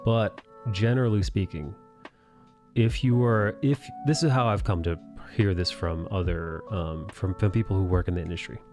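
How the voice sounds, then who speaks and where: Man, live-stream host, casual chat, swearing rant, fairly low voice, soft music behind. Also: moderate pace. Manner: profane, ranting, incredulous.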